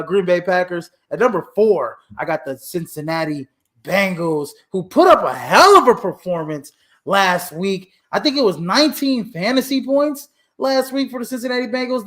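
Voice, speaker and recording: A man co-hosting a casual sports podcast, speaking in a noticeably high voice. He is animated and blunt, throwing in mild curses and laughing at his own slip-ups. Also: normal speed. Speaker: co-host giving fantasy football rankings.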